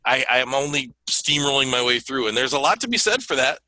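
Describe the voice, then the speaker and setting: Man, ex-comic guest, very bright voice, dry close sound, blunt and profane. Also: mid-range voice, expressive, brisk, no room sound, rough recording. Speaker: guest, former stand-up comic. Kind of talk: casual chat.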